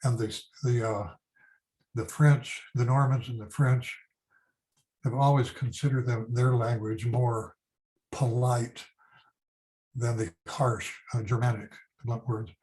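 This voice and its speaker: Slow, halting older man teaching. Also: medium pitch, steady tone, a little mellow, low-quality recording. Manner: halting, many fillers and restarts. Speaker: history teacher. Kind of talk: informal classroom lecture.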